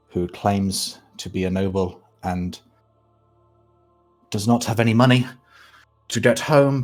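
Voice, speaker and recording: A man voicing a male con artist who drops a posh act for an Irish accent, slow and halting. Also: lowish voice.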